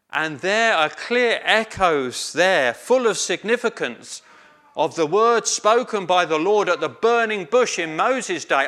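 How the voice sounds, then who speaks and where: Male preacher, slow emphatic sermon delivery, bright tone. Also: sits high, lively intonation. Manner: slow, emphatic, with hesitant fillers.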